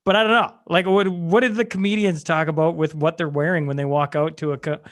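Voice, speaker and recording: A man's voice: a little high, steady tone, brisk. A man hosting a podcast, asking eager, curious questions in casual chat. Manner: curious, eager questions, talks of his wife. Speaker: podcast host.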